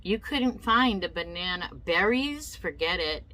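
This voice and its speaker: Slow, bright-voiced woman telling a story. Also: on the low side, expressive, poor audio. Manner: emotional, indignant retelling with repeated words. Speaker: vlogger. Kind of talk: casual storytime vlog.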